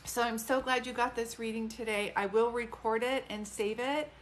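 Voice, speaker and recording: A woman with a somewhat high voice gives a psychic reading on a livestream. She talks in an emotional, gushing way and speaks straight to her viewers by name. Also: steady tone, moderate pace, a little hiss or hum. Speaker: psychic medium. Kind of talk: live-streamed reading.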